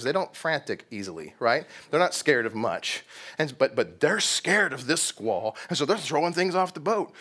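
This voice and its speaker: A man from Texas preaching a sermon, telling a story with energy and asking his listeners questions. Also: fairly high pitch. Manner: animated storytelling, asks the congregation questions. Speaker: pastor.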